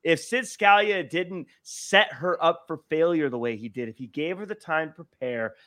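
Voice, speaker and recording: A man's voice: a little high, moderate pace. A man co-hosting a podcast, arguing his point in casual chat and acting out quotes along the way. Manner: animated, argumentative, acts out quotes. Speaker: podcast co-host.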